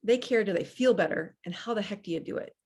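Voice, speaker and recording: A middle-aged woman physician telling stories in an interview, earnest and reflective, with restarts and the odd soft laugh. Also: medium pitch, quick pace, breathy edge. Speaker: physician guest. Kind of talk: casual interview storytelling.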